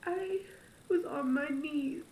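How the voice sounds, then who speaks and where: Tearful young woman with a high voice. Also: takes it slowly. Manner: emotional, tearful storytelling. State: crying. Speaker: vlogger. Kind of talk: personal confessional vlog. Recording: echoey room with faint noise.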